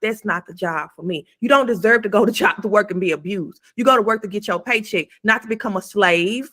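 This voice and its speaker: A woman's voice: medium pitch, fairly quick, a bit bright. A woman co-hosting a podcast, giving blunt, emphatic advice in casual talk and swearing freely. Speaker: podcast co-host.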